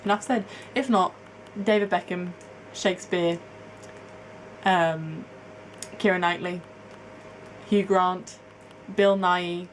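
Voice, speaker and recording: A woman's voice: on the low side, fairly even intonation, slow pace, long pauses, a little hiss or hum, rough recording. A young woman from England chatting to camera as a vlogger, rambling and laughing at herself. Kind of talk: casual chat to camera, answering a tag.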